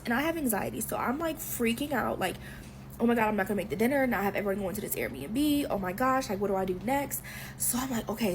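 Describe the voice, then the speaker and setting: A woman telling a personal story to her viewers, animated and excitable, with swearing. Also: fairly high pitch, slight background noise, poor audio. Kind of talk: storytime, casual chat.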